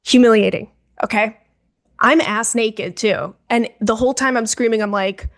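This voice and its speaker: A young woman co-hosting a podcast, telling a story in a casual, animated, dramatic way and calling the listener "girl". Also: fairly high pitch, moderate pace. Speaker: podcast co-host.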